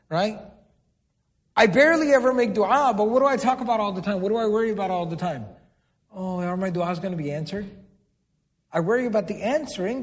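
A man giving a sermon, explaining terms, repeating words for emphasis and putting questions to the audience. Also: sits high. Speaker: Islamic preacher. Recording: long hall reverb.

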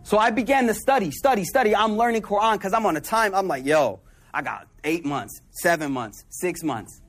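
A high-pitched man delivers a sermon as a casual story. He talks in an animated, street-casual way and often sinks into hushed, soft-spoken asides. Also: normal speed. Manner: animated, conversational, drops into quiet soft asides. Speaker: preacher.

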